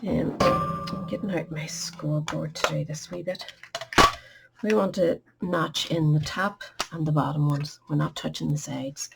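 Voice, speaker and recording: A woman's voice: low voice, fairly even intonation, a little slow, gravelly, over loud music. A woman hosting a craft tutorial, giving chatty step-by-step instructions and sometimes dropping to a murmur.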